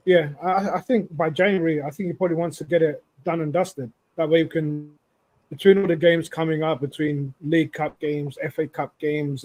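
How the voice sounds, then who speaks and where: A man with a somewhat high voice co-hosts a sports talk show. He shares his views haltingly, filling gaps with "um" and restarting his sentences. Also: darkish tone, poor audio. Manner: halting, many fillers and restarts. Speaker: podcast co-host.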